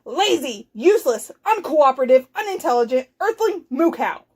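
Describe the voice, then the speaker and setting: A woman's voice: high voice, expressive, slow pace, a little mellow. A woman voicing a boastful male alien space cowboy in a storybook reading, whooping and hollering like a rodeo rider. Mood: rowdy.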